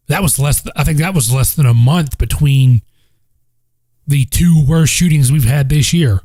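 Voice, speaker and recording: A man's voice: fairly high pitch, mellow, no room sound. A man with a Southern accent, hosting a solo podcast in a blunt, profane, rambling way that repeats itself. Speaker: podcast host. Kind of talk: casual solo podcast talk. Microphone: home microphone.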